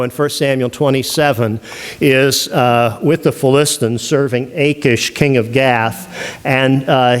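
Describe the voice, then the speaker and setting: A man giving a seminary lecture on the Bible, animated and full of rhetorical questions. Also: mid-range voice. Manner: animated, asks rhetorical questions, acts out quoted voices.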